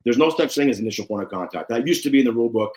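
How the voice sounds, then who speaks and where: Man, former referee, podcast guest, animated storyteller, middle pitch. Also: rapid-fire. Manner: animated storyteller, acts out quotes with raised pitch. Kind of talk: casual interview storytelling.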